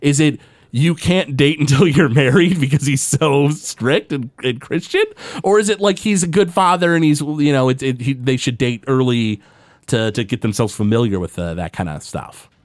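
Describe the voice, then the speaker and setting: A man's voice: medium pitch, no room sound, studio quality. A man co-hosting a podcast, chatting casually with many fillers and recapping a cartoon episode. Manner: animated, many fillers, jumps into quick character impressions. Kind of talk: casual chat.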